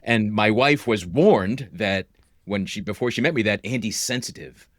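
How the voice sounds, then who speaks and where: A man's voice: fairly low pitch, moderate pace, no echo, studio quality. A middle-aged man hosting a podcast, asking open, searching questions and sharing his own experience. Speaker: podcast host. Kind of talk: podcast interview.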